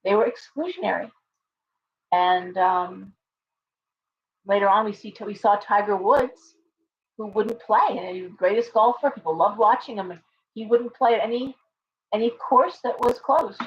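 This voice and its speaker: A woman's voice: medium pitch, moderate pace, pauses often, muffled recording, slight background noise. A woman hosting a casual live stream as a tarot reader, talking earnestly and rambling with many fillers and restarts while reading viewer comments aloud. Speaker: livestream host and tarot reader.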